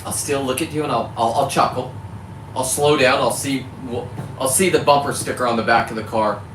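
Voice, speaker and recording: A man's voice: mid-range voice, steady tone, fairly quick, a bit bright. A man from California, a fisherman vlogger, delivering a heated, profane rant to camera and catching himself on his cussing. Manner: heated, profane, self-correcting about cussing. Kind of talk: ranting monologue to camera. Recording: echoey, distant mic with faint background noise.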